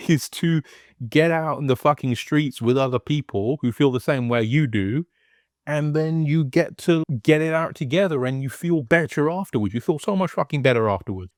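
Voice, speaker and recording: Man, ranting video host, heated, constant swearing, mid-pitched voice, dry recording. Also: no room sound. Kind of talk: casual profane rant.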